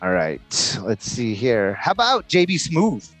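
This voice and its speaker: A man in his thirties co-hosting a casual podcast chat, swearing freely and acting out scenes with lively voices. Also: medium pitch, soft background music. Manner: animated storyteller, acts out scenes in quick voices. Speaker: podcast co-host. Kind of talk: casual chat about sitcoms.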